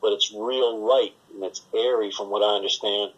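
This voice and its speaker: A man's voice: fairly low pitch, steady tone, moderate pace, breathy edge, dull audio. A man co-hosting a podcast, rambling through work stories in casual, profane chat and acting out the voices of the people in them. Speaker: podcast co-host.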